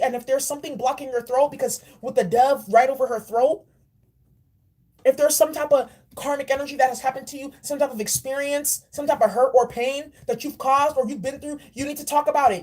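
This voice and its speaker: A woman's voice: high-pitched, fairly even intonation, fairly quick, a little mellow. A woman giving a spiritual oracle card reading in a blunt, preachy and profane way. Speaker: spiritual reader.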